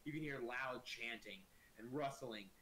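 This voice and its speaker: Casual male game master, bright voice, loose profane narration. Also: medium pitch, measured pace, a little hiss or hum, low-quality recording.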